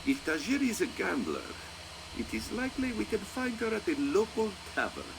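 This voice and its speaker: A man's voice: sits high, wildly swooping pitch, moderate pace, full character voice. An actor voicing an earnest male cat-folk detective in a video game, formal and speaking of himself in the third person. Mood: curious. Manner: formal, refers to himself as "this one". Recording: game audio with clear background noise.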